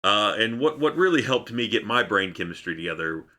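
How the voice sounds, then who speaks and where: A man's voice: fairly low pitch, very animated, a little fast, bright, forceful tone. Man putting on a boastful brawny movie star, vaguely Scottish. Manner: boastful mock-earnest advice. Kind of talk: comic impression.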